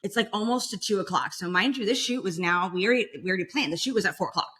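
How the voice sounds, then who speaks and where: A woman's voice: mid-range voice, rapid-fire, breathy edge. A young woman chatting casually as a podcast guest, telling a long story and acting out the voices of the people in it. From Florida. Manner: animated, acts out quoted voices.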